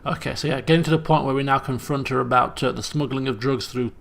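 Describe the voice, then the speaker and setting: Gravelly man thinking aloud over a game. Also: mid-range voice, steady tone, fast talker, fairly bright tone. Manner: thinks aloud, self-questioning, chatty. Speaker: let's play host. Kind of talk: casual gaming commentary.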